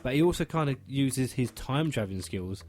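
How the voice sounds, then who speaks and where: A man's voice: medium pitch, brisk. A man co-hosting a casual chat and playfully acting out emotional film scenes. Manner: animated, mock-sobbing when acting out scenes. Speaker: co-host.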